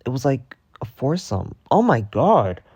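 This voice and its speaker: A man's voice: mid-range voice, big pitch swings, a little slow, a little mellow, slightly rough, no echo, studio quality. A young man telling a mock-dramatic storytime rant in slangy, swear-filled casual talk. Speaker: storytime vlogger.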